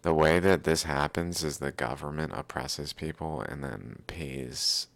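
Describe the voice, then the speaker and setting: A man's voice: rumbling low, measured pace, gravelly, a bit bright, no room sound, soft background music. A man hosting a reaction video, talking casually over clips, swearing a lot and sounding incredulous. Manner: profane, incredulous, laughs often.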